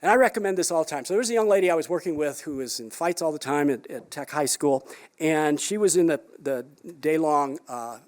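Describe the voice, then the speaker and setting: Chatty man giving a conference talk, fairly high voice. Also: fairly quick. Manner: conversational, with rhetorical questions to the audience; wry, down-to-earth humor. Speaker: psychologist presenter.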